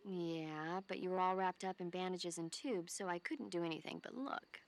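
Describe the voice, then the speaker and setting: A woman's voice: on the low side, moderate pace, lightly acted. An actress playing a playful, caring young female medic in a video game. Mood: teasing.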